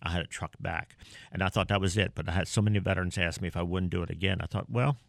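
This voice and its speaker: Earnest older man with gravelly low voice. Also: fairly even intonation, dry recording, clean studio sound. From Pennsylvania. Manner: earnest, halting with many fillers and restarts. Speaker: interview guest. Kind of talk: conversational storytelling.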